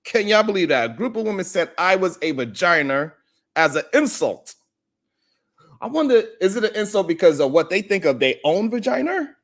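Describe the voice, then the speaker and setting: A man hosting a live stream tells a long story in a high voice with a wide, swooping range. He acts out the voices of the people in it and breaks off to greet viewers in his chat by name. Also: very animated, moderate pace, fairly bright tone. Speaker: live stream show host. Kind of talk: animated live stream monologue.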